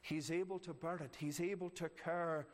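A man's voice: on the high side, steady tone, moderate pace. A man preaching a sermon earnestly, repeating key phrases for emphasis. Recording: long reverb of a large hall.

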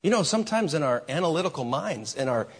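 A man preaching a sermon as pastor, with dramatic pauses and shifting volume. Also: a little high, big pitch swings, breathy edge. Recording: long hall reverb.

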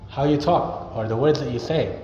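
A man's voice: mid-range voice, normal speed, dark tone. A young man preaching a sermon in an earnest, conversational way, now and then acting out sample greetings. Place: church hall. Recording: echoey, dull hall recording with noise.

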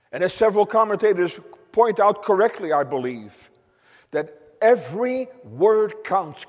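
A man's voice: high voice, a little mellow. A man preaching a sermon as pastor, fervent and exclamatory, in a church sanctuary. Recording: long reverb of a large church.

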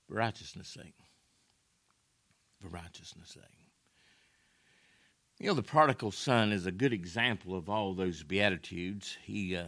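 A man preaching a sermon in a folksy way, repeating phrases and swinging from low murmurs to loud raised lines.

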